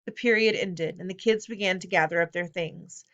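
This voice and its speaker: A woman reading a children's novel aloud as scripted narration, with expressive storytelling. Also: lowish voice, moderate pace, lo-fi sound. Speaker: audiobook narrator.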